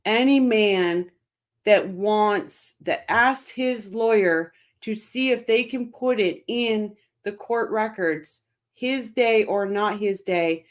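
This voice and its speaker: Slow-talking woman hosting a livestream. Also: on the low side. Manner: emphatic and impassioned, repeats phrases, apologizes for getting heated; reads out and answers viewer comments by name. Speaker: livestream host reading viewer comments. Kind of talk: casual live-stream commentary.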